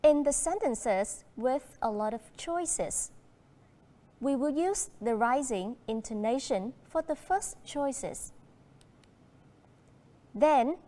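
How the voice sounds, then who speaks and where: A woman with a Vietnamese accent teaching a primary school English lesson, slow and encouraging, switching between English and Vietnamese. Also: fairly high pitch, dark tone. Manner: slow, encouraging classroom delivery.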